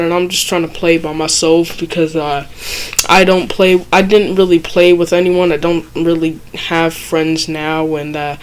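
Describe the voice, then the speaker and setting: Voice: medium pitch, smooth. A person telling a childhood story in a casual, rambling storytime vlog, swearing often and making self-mocking asides. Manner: rambling and profane, heavy use of fillers. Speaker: storytime vlogger.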